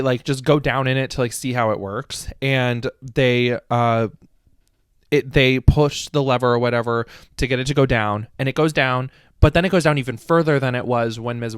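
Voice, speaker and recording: A man's voice: mid-range voice, a bit bright, clear, resonant tone, dry recording. A man recapping a book casually on a podcast, rambling and swearing, laughing at the silly plot. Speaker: podcast host.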